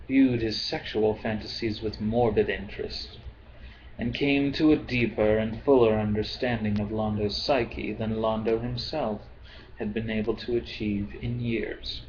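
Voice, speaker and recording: Man reading a novel aloud, amateur reader, very slow, calm, dull lo-fi recording, faint hiss. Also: fairly low pitch. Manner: slow, calm, apologetic about his accents.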